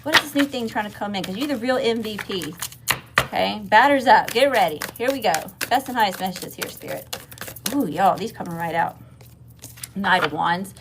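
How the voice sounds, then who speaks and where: A woman's voice: medium pitch, expressive, moderate pace, very noisy. Southern woman giving a casual tarot reading. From Mississippi. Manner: casual, swears freely, addresses viewers as y'all. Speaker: tarot reader.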